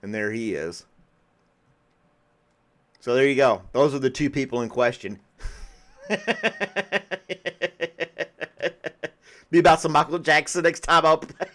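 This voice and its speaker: A man's voice: a little high, takes it slowly, long pauses, fairly bright tone. A man hosting a podcast in casual chat, often breaking into laughter. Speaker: podcast host.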